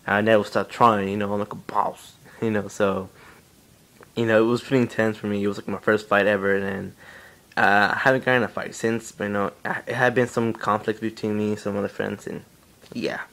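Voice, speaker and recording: A man's voice: lowish voice, flat delivery, fairly quick, gravelly, fairly bright tone. A young man casually telling a story on his own channel, rambling with lots of fillers and swearing. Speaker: vlogger.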